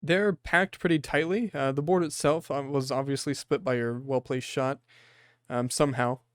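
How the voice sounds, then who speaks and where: A man narrating a tabletop horror game as game master, descriptive and unhurried with frequent fillers. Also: medium pitch, fairly even intonation, no echo, clean studio sound.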